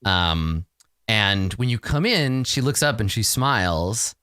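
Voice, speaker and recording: A man narrating a tabletop game as game master, animated and giggly in his storytelling. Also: on the low side, slow pace, smooth, no room sound, studio quality.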